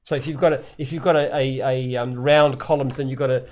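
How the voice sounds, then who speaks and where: A man's voice: mid-range voice, steady tone, fast, darkish tone. An Australian man, a company founder, answering questions in a casual live chat, plainspoken and rambling with frequent restarts.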